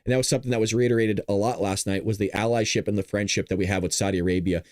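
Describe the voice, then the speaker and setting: Rapid-fire and animated, a male host riffs through a casual political commentary show, joking, laughing often, and dropping into silly high-pitched voices. The audio is clean, dry studio sound.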